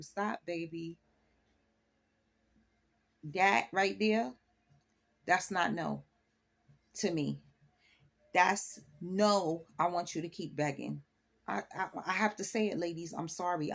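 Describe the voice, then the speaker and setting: Frank, chatty woman in her forties. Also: on the low side. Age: 40s. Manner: frank, chatty, addresses viewers directly. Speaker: vlogger. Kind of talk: casual opinion vlog.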